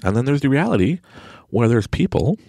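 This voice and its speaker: A man hosting a podcast, talking in a casual, animated motivational monologue and laughing often. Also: medium pitch, brisk, creaky, no echo, clean studio sound. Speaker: podcast host.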